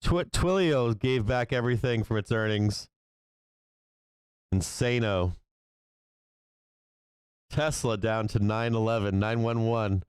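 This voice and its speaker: Male market-stream host, swears freely, laughs in disbelief; smooth voice, dry close mic. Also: fairly low pitch, slow pace, long pauses, no room sound. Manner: profane, incredulous, laughing often. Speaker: stock market livestream host. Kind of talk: live market commentary.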